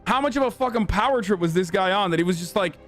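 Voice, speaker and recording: Fast, profane, high-voiced male streamer. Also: lively intonation, a bit bright, soft background music. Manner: rapid, profane, exasperated ranting. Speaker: streamer reacting to news clips. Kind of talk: live reaction commentary.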